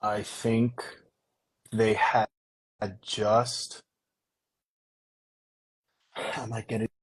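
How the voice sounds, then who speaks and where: Husky-voiced man hosting a casual podcast. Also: fairly low pitch, very slow, rough recording. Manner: rambling, laughs often, animated storytelling. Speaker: podcast host. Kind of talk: casual chat.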